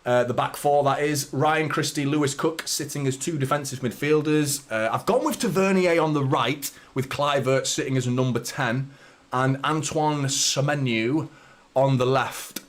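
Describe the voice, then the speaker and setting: A young man hosts a live football watchalong from his desk mic, chatting with viewers between moments of play. His voice sits at an ordinary middle pitch, and he turns excitable and sweary when the action heats up. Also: normal speed. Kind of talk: live match watchalong commentary.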